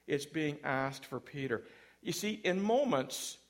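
A man's voice: on the high side, animated, measured pace. A man preaching a sermon in church, conversational and self-deprecating, with light humor between points. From Canada.

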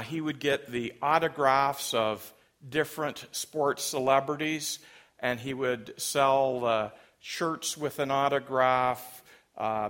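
A Canadian man delivers a sermon at an unhurried, deliberate pace. He preaches in a relaxed, conversational way, dropping in light humor and frequent ums and uhs. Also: mid-range voice. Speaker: pastor.

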